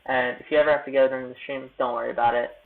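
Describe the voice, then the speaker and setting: A man's voice: mid-range voice, flat delivery, very fast, gravelly. A young man chatting casually on his live stream from a hotel room, rambling and self-deprecating as he edits. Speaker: YouTube creator live-streaming. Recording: tinny phone-like audio.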